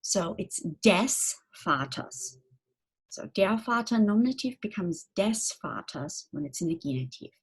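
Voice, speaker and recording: A woman lecturing on German grammar, saying German example phrases slowly and then giving them in English, with frequent ums. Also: medium pitch, sing-song, breathy edge. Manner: slow, deliberate explanations with frequent fillers. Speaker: German language instructor.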